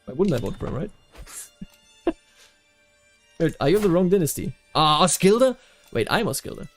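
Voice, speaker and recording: A man's voice: fairly high pitch, sing-song, normal speed, soft background music. A man from Bavaria giving casual commentary while playing a strategy game, rambling with many fillers and restarts. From Bavaria, Germany.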